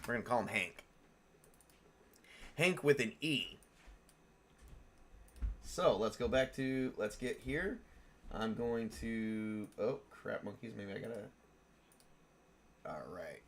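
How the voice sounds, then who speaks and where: A man's voice: on the low side, takes it slowly, long pauses, a bit bright, slight background noise. A man hosting a casual live stream, building tabletop game characters, rambling and thinking aloud with frequent chuckles and self-corrections. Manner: self-correcting, answers viewer questions.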